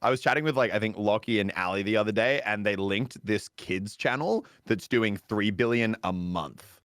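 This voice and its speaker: An Australian man chatting as a podcast guest over a video call, telling stories in a lively, self-deprecating way. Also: on the low side, normal speed, no echo, clean studio sound. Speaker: guest YouTuber. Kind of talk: casual podcast chat.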